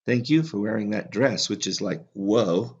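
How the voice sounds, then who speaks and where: A man's voice: lowish voice, measured pace, darkish tone, husky. A man voicing a charming, playful teenage boy who talks in an easygoing, teasing way. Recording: slightly dull lo-fi audio.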